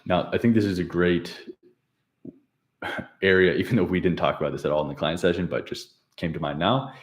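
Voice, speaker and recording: Rambling low-voiced man coach. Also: fairly even intonation, fairly quick. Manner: rambling, self-correcting, laughs at himself. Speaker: habit coach. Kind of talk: casual unscripted vlog recap.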